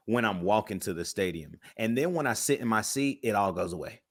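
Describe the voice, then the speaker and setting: Male podcast co-host, low voice, dry close sound, slangy and hyped. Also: animated, fairly quick, hardly any pauses, pushed and bright, no echo. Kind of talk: casual sports chat.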